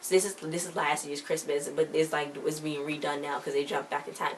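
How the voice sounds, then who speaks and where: Low-voiced woman rambling through an episode recap. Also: fairly quick. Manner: rambling, excitable retelling with slang. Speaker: episode reviewer. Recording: distant mic with faint hiss.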